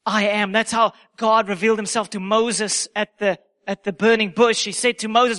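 A man's voice: sits high, flat delivery, normal speed, few pauses, pushed and bright. A man preaching a sermon, emphatic and repeating key phrases for effect.

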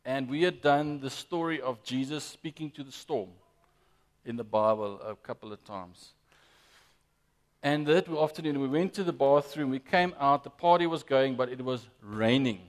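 A man preaching a sermon as pastor, emphatic and lively, often addressing the congregation directly. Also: medium pitch, moderate pace. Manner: lively, emphatic preaching with frequent "guys" and "amen".

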